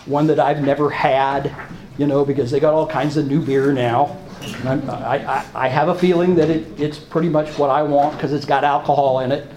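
Halting man sharing his story, roomy echo. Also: a little high, steady tone, a little mellow, a little hiss or hum. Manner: halting, repeats words, emotional swings. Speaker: recovery meeting speaker. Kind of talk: personal testimony talk. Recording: echoey room, faint ambience.

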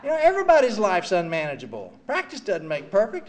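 An older man speaking at a recovery meeting, giving an animated, self-mocking personal testimony full of "you know.". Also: high-pitched, fast talker.

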